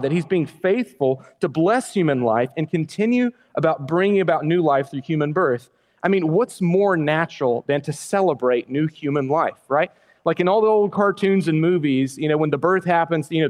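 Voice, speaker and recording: A man's voice: a little high, a little mellow, long reverb tail. A male pastor preaching a sermon in a church, casual and conversational, with joking asides to the congregation.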